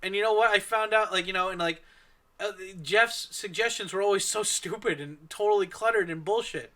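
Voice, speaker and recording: A man talking as a podcast guest, telling profane, animated stories in casual chat. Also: high-pitched, a little fast.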